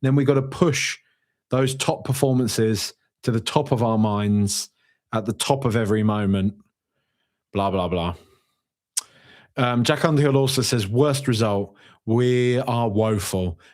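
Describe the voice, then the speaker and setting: A man hosting a fan podcast, reading out viewer comments in a jokey, rambling way with sudden high-pitched outbursts. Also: a little mellow. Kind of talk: casual live-stream chat.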